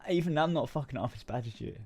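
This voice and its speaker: A man's voice: medium pitch, animated, quick pace, darkish tone, breathy edge. Swearing man in casual podcast chat. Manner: swears freely, interjects corrections. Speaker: podcast co-host.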